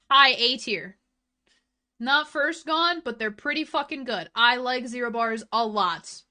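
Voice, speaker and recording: A woman streamer in casual chat, ranting with heat and swearing, swinging between loud outbursts and low mutters. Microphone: desk mic.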